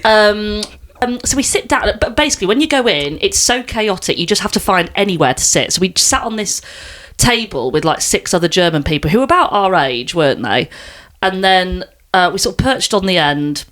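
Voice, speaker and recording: Woman podcast co-host, animated storyteller, mid-range pitch, casual. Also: fairly quick. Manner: animated anecdote-telling with fillers and asides.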